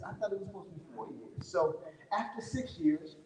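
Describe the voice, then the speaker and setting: With big swings in pitch, a brisk pace, and a somewhat dark tone, a fairly high-voiced conference speaker gives a folksy motivational talk to a live audience. He tells his story conversationally, and his voice echoes through a large hall with long, roomy reverb and slight background noise.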